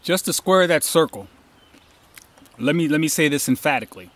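A man's voice: a little high, lively intonation, normal speed, a bit bright, slight background noise. A man talking casually while hiking outdoors, telling stories and giving emphatic advice in a rambling way, recorded on a handheld camera. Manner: rambling, storytelling, emphatic asides. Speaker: hiker vlogger. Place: outdoors on a trail.

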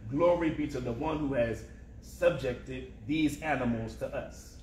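A man voicing a pious older woman traveler who answers only in scripture, in a calm, measured recitation. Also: medium pitch, slight background noise, close to an everyday voice. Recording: roomy echo.

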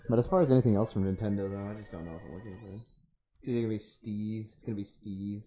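A man's voice: on the low side, very fast, mellow, faint music behind. A man streaming a fighting game with a friend, bantering and joking sarcastically. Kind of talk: casual gaming chat. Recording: echoey room, faint background noise.

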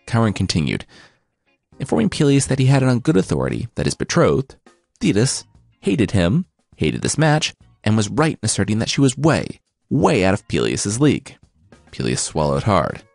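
A man narrating myths for a podcast with wry, deadpan asides. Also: on the low side, moderate pace, creaky, no room sound, faint music behind. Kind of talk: comic mythology storytelling.

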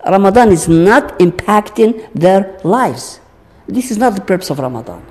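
Male lecturer addressing a congregation; slow, emphatic rhetorical questioning; echoey hall recording. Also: high-pitched, animated, darkish tone. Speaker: Islamic teacher. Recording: long reverb of a large hall.

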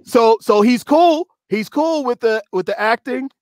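A male host in casual discussion, animated, laughing often and drawing out quoted words slowly for emphasis. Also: very high voice, dry recording, studio quality.

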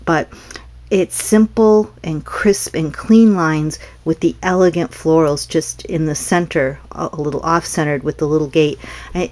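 A woman's voice: sits low, darkish tone. A middle-aged woman from North Carolina, chatting casually as she shows handmade cards, meandering with frequent restarts and ums. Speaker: craft seller showing customer cards. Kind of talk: casual show-and-tell vlog.

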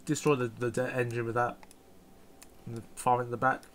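A man's voice: medium pitch, level tone, normal speed, a bit bright. A man giving rambling, self-correcting commentary while reviewing a video game. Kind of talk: gameplay commentary.

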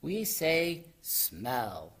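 A man voicing a calm, proper old grandmother in a children's storybook reading, speaking gently and quietly. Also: a little high, drawn-out words, exaggerated voice. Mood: gentle.

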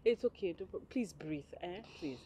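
A kind housewife calming someone, lowish warm voice, faint room noise. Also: female voice, a little slow. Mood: reassuring. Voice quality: soothing, reassuring. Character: caring married woman, hostess to in-law. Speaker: actor.

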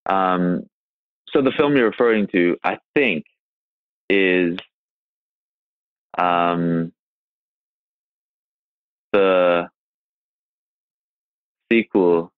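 A man's voice: deep voice, extremely slow, long pauses, clear, resonant tone, no room sound. A man from China, a guest actor in a podcast interview, speaking earnestly and emphatically with rhetorical questions. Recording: tinny phone-like remote line.

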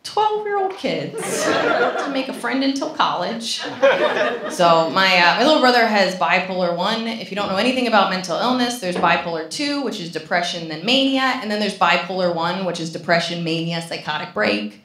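A woman doing a stand-up comedy set, telling stories in a sarcastic, animated way with sudden loud outbursts. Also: mid-range voice, normal speed. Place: comedy stage with a live audience. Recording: echoey live room with loud noise.

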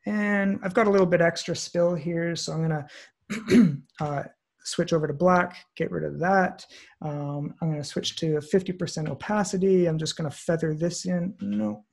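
A man walking through a photo compositing tutorial on screen, relaxed and thinking aloud with many fillers. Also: on the high side, normal speed. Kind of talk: screen-share software tutorial. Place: online presentation, recorded at his computer.

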